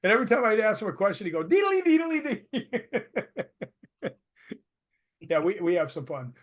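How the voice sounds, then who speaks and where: A man's voice: high-pitched, animated, racing, fairly bright tone. A man being interviewed as a guest, telling anecdotes in a chatty way and laughing often. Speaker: paranormal investigator guest. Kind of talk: casual interview storytelling.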